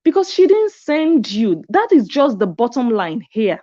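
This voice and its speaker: A commentary vlogger talks in a chatty, reflective way, often reacting with "hmm." Her voice is on the high side with big pitch swings, a measured pace, and a dark tone, and the highs are cut off.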